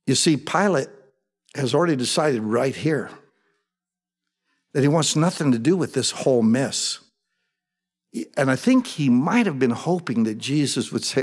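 A man's voice: medium pitch, expressive, normal speed, long pauses, breathy edge. A man preaching a conversational sermon, reading Bible verses and then retelling them in plain everyday words. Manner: reads verses, then paraphrases them in plain modern talk. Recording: long reverb of a large hall.

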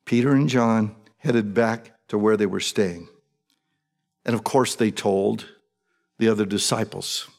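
A man's voice: lowish voice, steady tone, a little slow, vocal fry, big-room sound. A man preaching a sermon as pastor, telling the story conversationally and acting out the people in it.

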